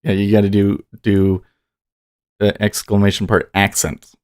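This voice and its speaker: A man's voice: lowish voice, monotone, unhurried, darkish tone, smooth, no echo, clean studio sound. A man hosting a live day-trading stream, chatting casually and rambling as he reads viewer comments aloud. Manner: rambling, self-deprecating, reads chat aloud. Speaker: day trading livestream host.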